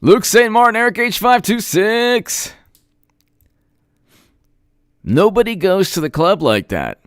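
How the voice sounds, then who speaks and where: Sarcastic man, smooth clear voice. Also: high-pitched, very animated, normal speed, a bit bright, no echo. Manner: sarcastic, mocking put-on voices. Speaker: political commentator. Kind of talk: live-stream commentary, reading chat.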